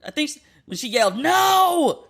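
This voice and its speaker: A woman podcast host, her voice bright and forward. She chats casually and reacts animatedly, talking back with loud exclamations. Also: medium pitch, brisk. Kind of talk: casual chat with ad read.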